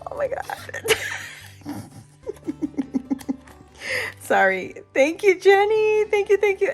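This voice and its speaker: A middle-aged woman vlogger chatting casually and excitedly as she unboxes a birthday gift, gasping and laughing. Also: high voice. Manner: excited and giddy, many gasps and laughs. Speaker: crafting vlogger.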